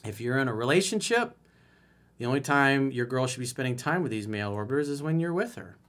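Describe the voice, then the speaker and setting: A man's voice: mid-range voice, very animated, fairly quick, a bit bright. A man giving dating advice as a coach in a solo video, reading a viewer's email aloud and commenting on it bluntly and emphatically.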